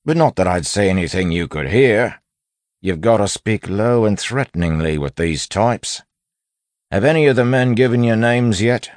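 A man doing a soft, threatening undercover lawman. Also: lively intonation, normal speed, dry recording, lightly acted. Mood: pressing. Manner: low, threatening and soft-spoken. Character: sly male lawman posing as a gang thug.

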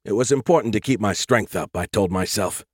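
A man's voice: fairly low pitch, a little fast, slightly rough, no room sound, studio quality. A man narrating an audiobook in the first person, in a wry, conversational way.

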